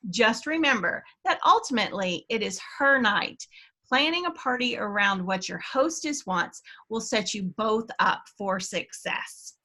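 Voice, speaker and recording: A woman's voice: a little high, lively intonation, a little slow, sharp tone. A middle-aged woman with a Southern accent hosting a sales training session, enthusiastic and chatty, laughing at her own slips. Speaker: sales trainer, webinar co-host. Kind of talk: upbeat training talk with personal stories.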